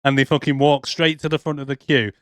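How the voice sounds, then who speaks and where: A man's voice: on the high side, little pitch movement, quick pace, a bit bright, no room sound. A man co-hosting a podcast, retelling film scenes with jokes, swearing and put-on quotes. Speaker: podcast co-host. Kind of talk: casual movie review banter.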